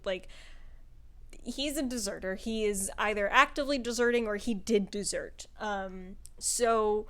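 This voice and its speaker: A woman giving a casual, rambling spoken book review, full of filler words and swearing, laughing often as she talks. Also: medium pitch. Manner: chatty and rambling, with frequent "like" and profanity; laughs often while talking.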